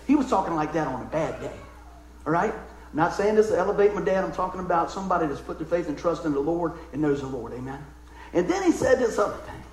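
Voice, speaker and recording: Middle-aged male preacher, folksy and heartfelt, high-pitched voice, roomy church echo. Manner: folksy, emotional storytelling with asides. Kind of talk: sermon. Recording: echoey room.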